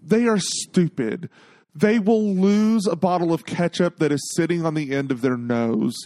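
A man's voice: fairly high pitch, a little slow, mellow. A man co-hosting a podcast in casual chat, giving sassy, blunt opinions. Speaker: podcast co-host.

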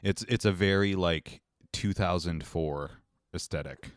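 A man's voice: low voice, measured pace, smooth, no room sound, clean studio sound. A man co-hosting a casual chat, rambling wryly and mocking himself as he tells anecdotes. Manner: rambling, wry, self-mocking. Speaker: podcast co-host. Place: New York.

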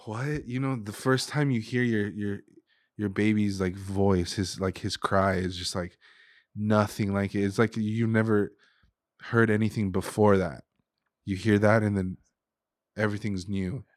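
Male podcast guest, 30s, low voice, dry close sound, earnest and emotional, casual filler-heavy speech. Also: no room sound. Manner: emotional, heartfelt, says "dude" and "like" a lot.

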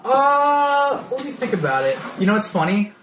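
A man's voice: very high-pitched, big pitch swings, moderate pace, a bit bright. A man from Virginia co-hosting a podcast, chatting casually and joking, sometimes slipping into mock voices. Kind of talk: casual chat. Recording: echoey room, clear background noise.

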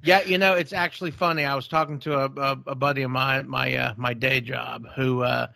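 Male co-host, gravelly and bright voice, joking anecdotes, dry close mic. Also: medium pitch, fairly quick, dry recording. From Texas. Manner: jokey storyteller, animated retelling. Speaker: podcast co-host. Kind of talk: casual podcast chat.

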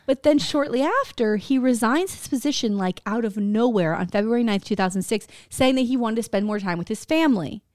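Young female podcast co-host from Florida, fast profane banter, raised voice, close dry mic. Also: on the high side, dry recording. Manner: profane, animated, laughs often. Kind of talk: casual chat.

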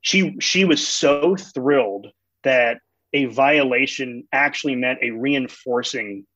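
Husky-voiced man explaining faith earnestly. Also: medium pitch, takes it slowly, fairly bright tone, dry recording. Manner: earnest, explains through family stories. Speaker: guest. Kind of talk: conversational theological explanation. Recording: dull, dry recording.

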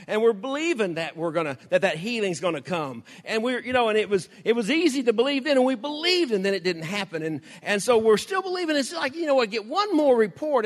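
An older man preaches a folksy, conversational sermon, laughing often. His voice sits high and swoops widely through each phrase. The sound carries the long reverb of a hall. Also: very animated, fairly quick, few pauses. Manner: folksy, laughs often, acts out quoted prayers.

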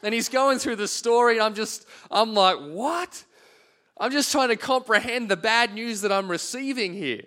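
High-voiced man preaching a sermon. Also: normal speed, hardly any pauses, bright, forceful tone. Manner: conversational storytelling preaching. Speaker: pastor.

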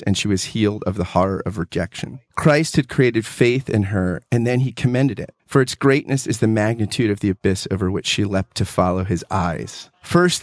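A man in casual theological discussion who reads a passage aloud in an animated, heartfelt way. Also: fairly low pitch, no room sound.

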